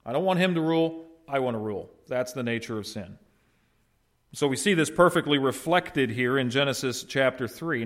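A man's voice: mid-range voice, lively intonation, moderate pace, fairly bright tone. A conversational male pastor preaching. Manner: conversational, asks the congregation questions and answers them. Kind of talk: sermon.

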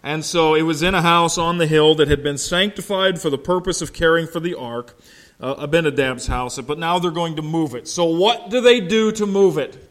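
A pastor from Ohio preaching a sermon in a slow, easygoing drawl. His voice sits a little high for a man, and he mixes folksy anecdotes with questions to the congregation. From Ohio, United States.

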